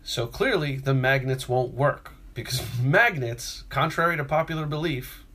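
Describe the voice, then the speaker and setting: A man, co-hosting a casual chat and telling an exasperated story with lively voiced impressions. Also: mid-range voice, normal speed. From Brooklyn, New York.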